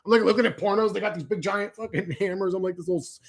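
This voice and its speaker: A man with a high-pitched voice talks very fast while hosting a livestream. Reading out viewer comments, he keeps the chat casual, rambling, profane and jokey.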